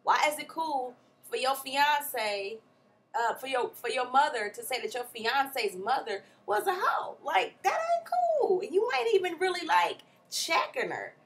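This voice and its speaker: A young woman talks in with a bright, forceful voice pitched a little high. Her delivery is animated and exasperated, and it jumps around a lot as she recaps a reality show in blunt, slangy, casual commentary. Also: measured pace.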